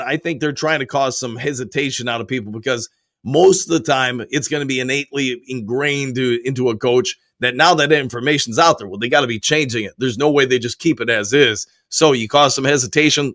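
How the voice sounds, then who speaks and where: Hoarse guy with a cold reading chat on a sports stream, laid back, dry sound. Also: mid-range voice, fairly quick, a bit bright, no room sound. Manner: casual, reads viewer comments aloud and answers each. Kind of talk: live-stream sports talk.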